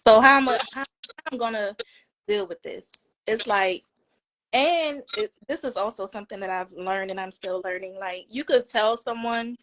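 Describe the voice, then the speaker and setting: A woman co-hosting a podcast in casual chat, talking reflectively in halting phrases with bits of laughter. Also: fairly high pitch, fairly bright tone, dry recording, poor audio. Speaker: podcast co-host.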